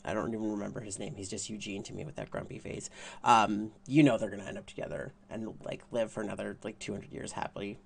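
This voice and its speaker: Young man, gravelly fry, loose rambling chat. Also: on the low side, little pitch movement, fast, slight background noise. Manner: rambling, lots of fillers and "like". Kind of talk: casual chat ranking game characters.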